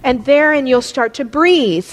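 A middle-aged woman teaching a Bible lesson in a church hall, impassioned and pressing her points, rising almost to a yell. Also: sits high, animated, measured pace. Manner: impassioned, rising to near-yelling at peaks. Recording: long hall reverb.

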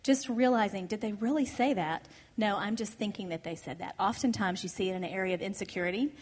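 Middle-aged female co-host, mid pitch, candid and reflective, long hall reverb. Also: fast. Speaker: marriage workshop co-speaker. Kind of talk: conversational seminar teaching.

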